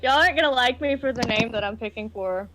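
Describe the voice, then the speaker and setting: A woman playing a tabletop role-playing game, speaking in character and out, expressive. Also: fairly high pitch, quick pace, faint music behind, low-quality recording. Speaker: player.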